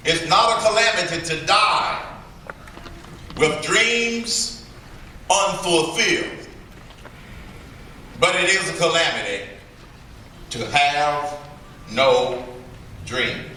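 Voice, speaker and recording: Male commencement speaker, emphatic, measured delivery; tone on the bright side, voice a bit higher; echoey hall from far off. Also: expressive, slight background noise. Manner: deliberate and emphatic, with dramatic pauses and playful phrases. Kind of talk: commencement address. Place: large ceremony hall.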